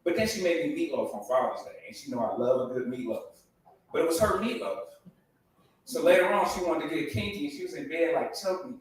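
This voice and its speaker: A man's voice: fairly high pitch, a little fast, heavy reverb, far from the mic, rough recording. A middle-aged man performing a stand-up comedy set, acting out voices and laughing at his own jokes.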